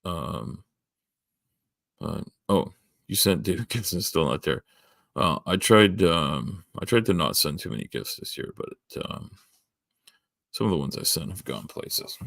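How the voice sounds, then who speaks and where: A man's voice: low voice, sing-song, a little slow, creaky, long pauses, a bit bright, no echo, studio quality. A middle-aged man with a Southern Ontario accent, a livestreamer rambling as he thinks aloud and answers his chat. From Canada. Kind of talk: casual chat.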